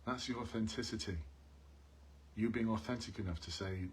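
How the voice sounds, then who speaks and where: A man with a lowish voice coaches police job applicants on a live stream at normal speed, with a little hiss or hum. He's earnest, repeats key points, and calls out to his viewers.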